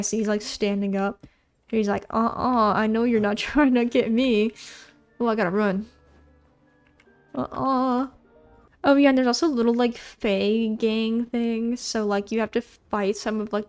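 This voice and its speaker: A bubbly young woman rambles through casual game commentary, gushing with plenty of fillers. Her voice sits a bit high. Soft game music plays underneath. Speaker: gaming YouTuber.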